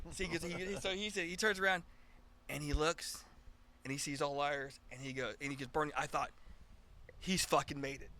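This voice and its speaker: A man's voice: on the high side, steady tone, moderate pace, long pauses, sharp tone. A man in his fifties, a guest musician, telling stories in a casual chat, acting out quoted dialogue with frequent restarts.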